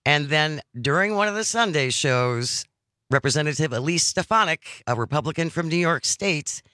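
A man hosts a talk radio show, chatting casually but earnestly and working through his argument step by step. His voice has a bright, forceful edge. The studio sound is dry and close. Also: fairly high pitch, lively intonation, normal speed, no echo. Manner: conversational, earnest, argues point by point.

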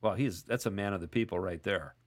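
A man's voice: deep voice, fairly quick. A man hosting a casual call-in radio show, chatting and joking as he reads listener texts aloud.

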